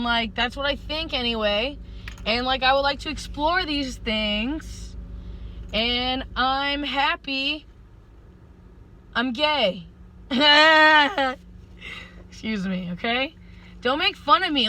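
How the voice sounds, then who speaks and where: A woman speaks to her viewers in a loose, stream-of-consciousness vlog monologue. Her voice sits high and sounds bright. She talks earnestly and often slips into pleading. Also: poor audio. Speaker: vlogger. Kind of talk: rambling spiritual vlog monologue.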